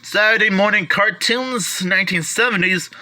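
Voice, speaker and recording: This man's voice sits high and sounds bright and forceful at a normal speed as he casually shows off his home media collection. A collector vlogger, he goes through titles one by one, chatting in asides and correcting himself.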